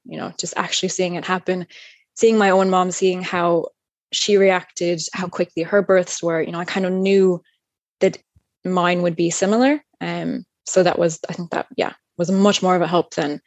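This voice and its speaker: Woman chatting, lowish voice, lots of ums and laughs, really dry sound. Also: steady tone, normal speed, dry recording. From United States. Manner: candid, rambling, laughs often, many fillers. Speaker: guest telling her birth story. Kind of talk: casual chat.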